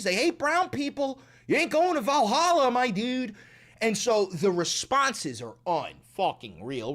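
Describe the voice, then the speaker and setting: A man hosting his own political commentary show, ranting in a profane, sarcastic and mocking way. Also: a little high.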